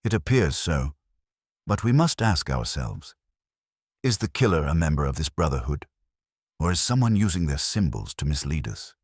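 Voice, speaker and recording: A man voicing a fastidious older Belgian detective who speaks in a measured, deliberate way. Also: very deep voice, sing-song, dry recording, clean studio sound, heavily acted. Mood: analytical.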